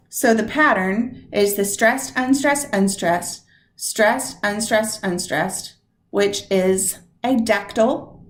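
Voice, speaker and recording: A woman's voice: mid-range voice, slow pace. A woman teacher giving a recorded poetry lesson, stretching out words and syllables to show where the stress falls. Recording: echoey room.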